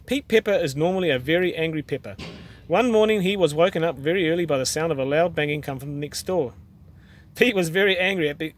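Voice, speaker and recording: New Zealand dad reading a storybook. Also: male voice, a little high. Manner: gentle, expressive reading with small restarts. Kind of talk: reading a children's picture book aloud.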